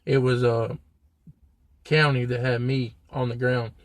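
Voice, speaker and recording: A man's voice: medium pitch, level tone, unhurried, dry recording. A young man telling a story to his viewers in a blunt, profane, slang-heavy way. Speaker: vlogger. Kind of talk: casual storytelling to camera.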